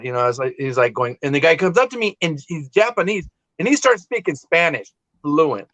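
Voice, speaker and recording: A man's voice: a little high, fast talker, a bit bright, no room sound. A man from California hosting a casual live stream, telling rambling stories with many restarts. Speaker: host.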